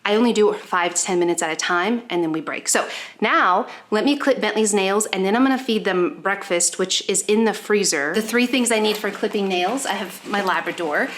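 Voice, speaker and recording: A woman's voice: mid-range voice, brisk, a bit bright. A young woman vlogging at home, casually explaining her dogs' morning care as she works, now and then cooing at her pets. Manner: chatty, explains as she works, baby-talks her dogs. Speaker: pet vlogger. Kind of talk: casual vlog talk while doing chores. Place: home with dogs.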